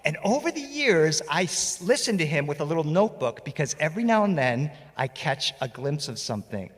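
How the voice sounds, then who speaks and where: A man performing stories live on a festival stage, playful and animated, speaking into a stage microphone. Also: a little high, a little fast, in a large hall. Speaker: storyteller. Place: festival stage before an audience.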